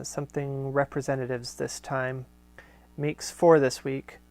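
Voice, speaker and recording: A man hosting a live show, reading archival letters aloud in a measured way with casual asides. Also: a little high, vocal fry.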